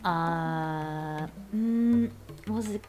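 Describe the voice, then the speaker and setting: A woman's voice: fairly low pitch, drawn-out words, darkish tone, soft background music. A young woman streaming casually as a VTuber, rambling and laughing often, repeating herself as she goes. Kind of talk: casual chat.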